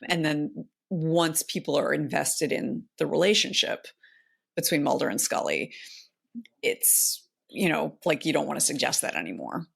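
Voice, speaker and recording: A woman's voice: sits low, lively intonation, unhurried, vocal fry, husky. A woman co-hosting a podcast, talking through her thoughts in a loose, rambling way with many fillers and restarts. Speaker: podcast co-host. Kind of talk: casual chat.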